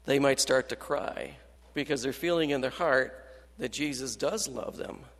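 A man giving an earnest, halting sermon-style talk as a Christian counselor, quoting scripture and restarting his sentences. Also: medium pitch, gravelly, fairly bright tone. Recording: long hall reverb.

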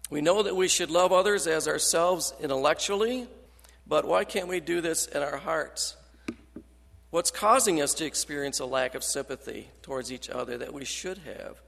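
Earnest preacher man with gravelly voice, echoing hall. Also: fairly high pitch, fairly bright tone. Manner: earnest, halting, with restarts and scripture quotes. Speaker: Christian counselor and preacher. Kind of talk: sermon-style teaching talk with slides. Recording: long hall reverb.

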